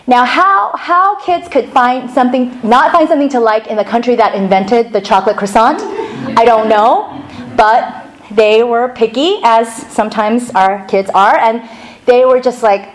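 Middle-aged woman preacher with a somewhat high voice, telling a casual, animated story from the pulpit. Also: poor audio. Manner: chatty, animated storytelling with laughs. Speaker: pastor. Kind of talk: sermon opening with a personal story.

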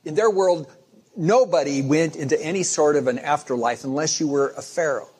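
Husky-voiced man preaching conversationally. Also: fairly high pitch, normal speed, a little mellow. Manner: conversational storytelling preaching with restarts. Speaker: pastor. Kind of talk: sermon.

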